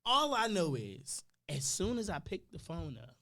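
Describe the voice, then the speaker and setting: A young adult man, a podcast guest, telling personal stories in casual slang, his voice swinging between loud and quiet. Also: fairly high pitch, very animated, unhurried.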